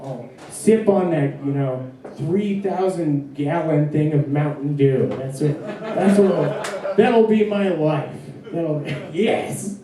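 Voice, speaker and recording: A young man doing a stand-up comedy set in a club, with a halting, deadpan delivery full of fillers. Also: a little high. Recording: distant mic in echoey club with crowd. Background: audience laughter.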